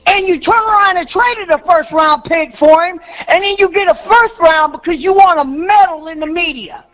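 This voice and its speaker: Fired-up high-voiced woman caller ranting. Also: moderate pace, rough recording. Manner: fired-up, shouting, repeats for emphasis. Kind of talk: heated call-in rant.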